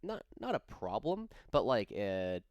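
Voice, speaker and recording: A man's voice: fairly low pitch, huge pitch swings, measured pace, dry recording, dull audio. A young man hosting a hobby gaming channel, rambling casually with lots of fillers and self-corrections. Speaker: wargaming channel host.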